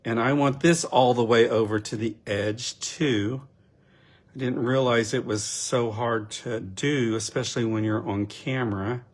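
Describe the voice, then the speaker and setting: Slow-talking man demonstrating card crafts. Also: mid-range voice, steady tone. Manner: unhurried, chatty, self-deprecating asides. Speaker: card-making instructor.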